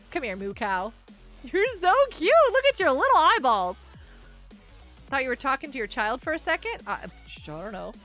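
A bubbly young woman chatting through a live game stream, her voice high and bright, swinging up and down as she reacts. Soft game music plays behind her. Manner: bubbly, exclaims and laughs often, talks to chat.

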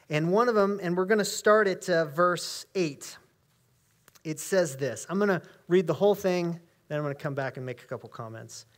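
A man with an American accent preaching in a church, his voice sitting a little higher than most men's. He talks to the congregation in an easy, chatty way, then slows down and leans into each phrase when he reads scripture aloud. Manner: conversational preaching, reads scripture slowly and emphatically. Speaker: pastor. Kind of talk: sermon. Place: church sanctuary.

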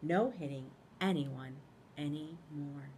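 A woman voicing a little boy hamster in a picture book read-aloud, high and crying as he pleads. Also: slow pace, dark tone, a little hiss or hum. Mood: promising. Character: little boy hamster, angry then tearful.

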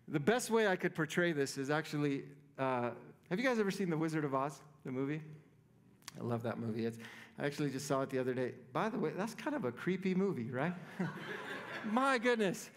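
A man's voice: a little high, lively intonation, moderate pace. A man preaching a sermon as pastor, conversational and playful, often checking in with the congregation. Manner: conversational, playful, keeps asking "right?".

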